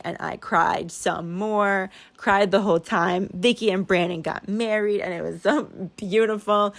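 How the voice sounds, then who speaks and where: A young woman chatting casually over her planner pages, rambling and laughing often with a wheeze. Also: medium pitch. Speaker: planner vlogger.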